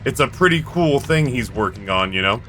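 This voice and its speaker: A man's voice: mid-range voice, animated, bright, forceful tone, soft background music. A man streaming live, telling stories in a rambling, candid way. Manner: rambling, candid storytelling with quick impressions. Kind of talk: casual chat.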